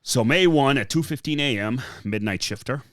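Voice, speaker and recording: A man's voice: mid-range voice, lively intonation, moderate pace, no room sound, studio quality. A man with a Boston accent co-hosting a podcast, chatting casually and reading a news summary with many fillers and restarts. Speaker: podcast co-host.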